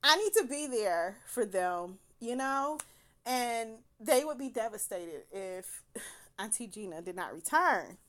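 A woman tells a personal story in a lively, swooping voice that sits a bit high. She swears freely and laughs through her words, animated and unfiltered. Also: slow pace.

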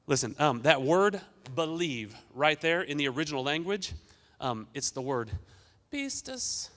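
A man preaching an energetic sermon as pastor, emphatic and urging the congregation to respond. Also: mid-range voice, big-room sound.

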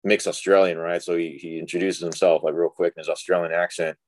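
A young man from Texas with a deep, low voice tells a story in a loose, casual way, packing his sentences with fillers. He acts out the people he quotes as he goes. The sound is dry and close. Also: fast, no room sound. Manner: animated, filler-heavy, acts out quoted dialogue. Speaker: guest.

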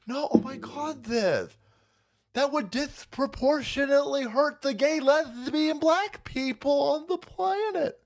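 A man hosting a livestream, ranting in a foul-mouthed, sarcastic and exasperated way and repeating words in rapid bursts. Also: very high voice. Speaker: livestream host. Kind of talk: profane livestream rant.

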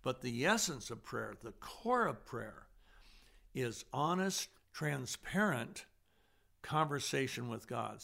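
A man preaching with a gravelly, fry-tinged voice. He talks earnestly, pressing points hard and then dropping to a near hush. His pitch sits in an ordinary middle range. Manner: earnest, swings between loud emphasis and hushed softness. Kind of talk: sermon.

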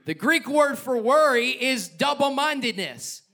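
Moving between scripture and joking asides, this male pastor preaches with animated passion at a measured pace. His voice, high for a man, is gravelly with a bright, forceful edge.

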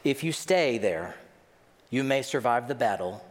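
A man preaching a sermon in a lively, animated way, acting out the voices of the people he quotes. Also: mid-range voice, a little slow. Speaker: pastor. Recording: long hall reverb.

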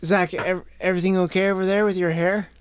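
A man's voice: high-pitched, flat delivery, fast talker, clean tone. A man hosting a casual podcast chat over drinks, joking and teasing, often repeating himself. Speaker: podcast host.

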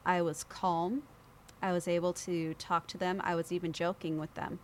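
A woman guest on an interview show, telling a story in a lively way, acting out other people's voices and laughing often. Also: fairly low pitch, moderate pace, a little hiss or hum. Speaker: podcast guest.

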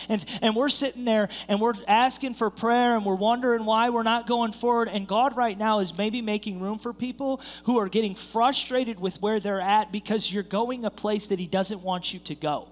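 A man with a high voice preaches a sermon, telling a story and playing out the people in it as his energy builds. The sound carries a long reverb from a large church hall. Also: steady tone, normal speed, few pauses. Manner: storytelling, acts out quoted voices, builds in intensity. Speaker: pastor. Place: church sanctuary.

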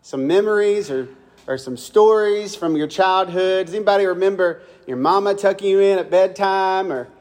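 A man's voice: high-pitched, moderate pace, a little mellow. A young man with a Southern accent from Mississippi, preaching a folksy storytelling sermon and asking the congregation questions.

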